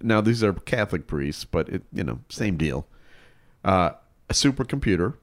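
Deep male co-host, lively pitch, casual storyteller with animated outbursts. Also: moderate pace, dry recording. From Chicago area, Illinois. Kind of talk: casual podcast banter.

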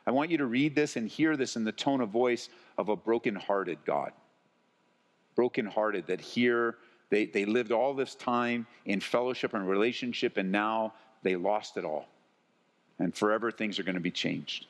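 A man's voice: lowish voice, moderate pace. A male pastor delivering a sermon in an earnest, conversational preaching manner with rhetorical questions. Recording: long hall reverb.

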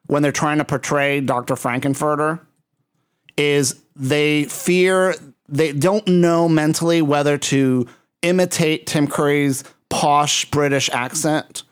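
A man's voice: on the high side, steady tone, slow, smooth. A man hosting an interview, chatting in an effusive, talkative way. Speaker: podcast host. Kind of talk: casual interview chat.

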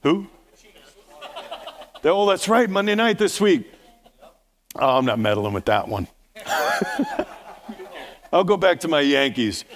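A pastor in his fifties preaching a sermon in a conversational style, joking and teasing his listeners, then pushing up into loud bursts of emphasis. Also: on the high side, lively intonation, a little slow, pauses often. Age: 50s. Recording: reverberant hall.

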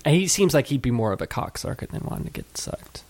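A woman's voice: very deep voice, fast talker, vocal fry, husky. A woman co-hosting a podcast, ranting in profane political banter and laughing often. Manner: animated, swearing, laughing often.

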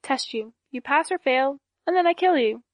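A young villainess with no emotion in her voice, every threat delivered in a flat deadpan, as a woman reads her in an audiobook. The voice sits fairly high, recorded close and dry. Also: moderate pace, dry recording. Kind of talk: audiobook character voice.

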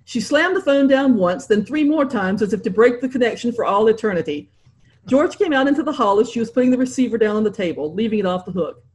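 Woman, audiobook narrator, expressive, lively pitch. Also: fast talker. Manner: expressive, storytelling. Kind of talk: scripted narration.

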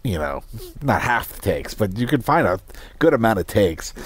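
A man co-hosting a podcast, talking in a relaxed, conversational way with some restarts. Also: lowish voice, moderate pace, husky. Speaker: podcast co-host. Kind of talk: casual chat.

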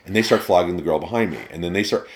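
Man, very deep voice, casual interview guest, rambling, profane, storytelling. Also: racing. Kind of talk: casual conversation.

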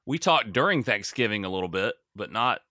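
A man's voice: on the low side, expressive, fairly quick, sharp tone, no room sound, clean studio sound. An American man co-hosting a podcast, chatting casually in a rambling, self-mocking way with lots of fillers. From United States. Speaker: podcast co-host. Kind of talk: casual chat.

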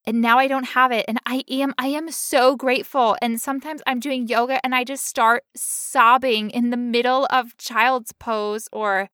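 A woman's voice: on the high side, steady tone, normal speed, hardly any pauses, a bit bright, smooth, no echo, clean studio sound. A young woman co-hosting a podcast, talking candidly and emotionally, with frequent laughs. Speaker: podcast co-host. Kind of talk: personal, emotional podcast talk.

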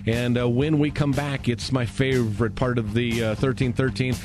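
A man's voice: medium pitch, fairly even intonation, moderate pace, over music. Chatty folksy radio sports host, man. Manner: chatty, folksy, filler-heavy. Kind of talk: live radio sports talk. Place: radio studio.

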